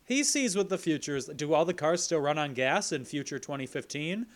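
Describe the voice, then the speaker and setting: Male co-host, relaxed conversational recap, wry humor. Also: fairly high pitch, brisk. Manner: joking, recaps plot with playful asides. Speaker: podcast co-host. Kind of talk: casual movie recap chat.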